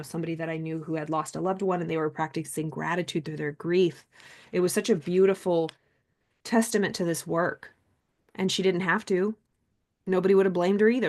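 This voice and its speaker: A middle-aged woman host and mindset coach talking casually on a live stream, animated and chatty. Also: low voice, gravelly. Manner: animated, chatty, acts out quoted people.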